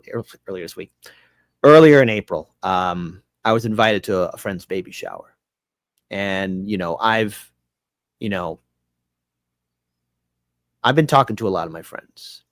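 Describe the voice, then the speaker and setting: A man, a guest on a talk show, telling an emotional personal story in an earnest, halting way with many restarts. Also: on the low side, dry recording, clean studio sound.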